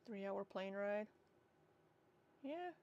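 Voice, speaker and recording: A woman's voice: medium pitch, expressive, very slow, a little mellow, dull audio, a little hiss or hum. A woman hosting a casual reaction livestream, talking bluntly and sarcastically and swearing freely. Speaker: livestream commentary host.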